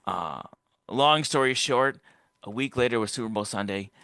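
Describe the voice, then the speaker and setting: Male interview guest with a bright, forceful voice on a dry close mic; rambles through his story and acts out the voices he quotes. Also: medium pitch, animated, moderate pace, vocal fry, smooth, no room sound. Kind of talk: casual personal storytelling.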